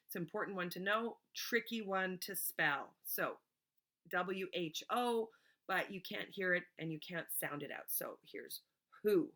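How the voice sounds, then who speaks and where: A woman teacher giving a remote reading lesson to young children, patiently sounding words out slowly letter by letter. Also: mid-range voice, bright, forceful tone.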